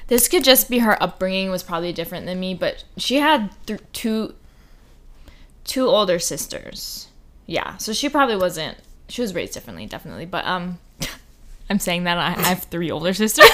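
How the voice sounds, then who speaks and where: Lively, chatty young woman co-host. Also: lowish voice, moderate pace. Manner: chatty, laughs often. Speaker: podcast co-host. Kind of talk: casual chat.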